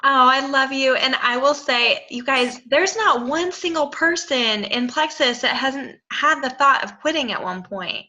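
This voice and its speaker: A woman's voice: high voice, lively intonation, a little slow, few pauses, pushed and bright, highs cut off. A woman leading a team video call, talking frankly and encouragingly. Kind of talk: casual video call chat.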